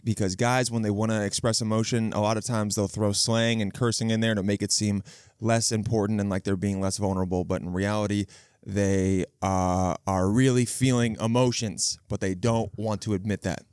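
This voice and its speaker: A man's voice: lowish voice, little pitch movement, normal speed, a little mellow, clear, resonant tone, no echo. A man in his thirties hosting a casual solo podcast, rambling and joking with plenty of swearing and restarted phrases, close on the mic. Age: 30s. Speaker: podcast host. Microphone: close studio mic.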